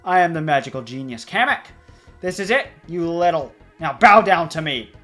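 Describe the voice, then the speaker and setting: A grandiose, self-adoring wizard villain, put on by a let's player. He booms out his demands with wide swings of pitch and a louder push. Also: expressive, moderate pace, soft background music, lightly acted. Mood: gloating. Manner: grandiose, commanding. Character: pompous boastful male wizard villain.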